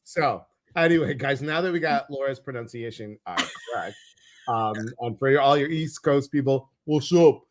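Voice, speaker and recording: Man, Chicago accent, live-stream host, playful, rambling, fillers, mid pitch. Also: normal speed, slight background noise. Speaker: host, psychic medium. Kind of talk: casual live-stream chat.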